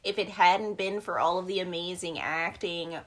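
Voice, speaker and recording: A woman co-hosting a film podcast in casual conversation. She talks in an animated way, swinging her voice up when she mocks characters, and keeps the chat loose. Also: lowish voice, moderate pace. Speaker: podcast co-host.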